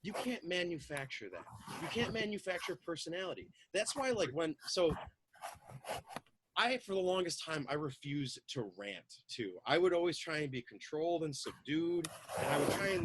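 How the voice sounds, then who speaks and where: A man chatting loosely on a talk show, loud and excitable, acting out little quoted voices as he goes. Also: on the high side, moderate pace, noisy background. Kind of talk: casual chat, animated storytelling.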